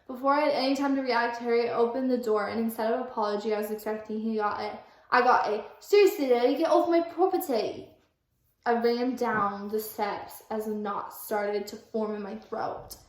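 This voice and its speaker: A woman's voice: a little high, little pitch movement, normal speed. A young woman vlogger, giggly and full of fillers, casually reading aloud and retelling a story. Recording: echoey room.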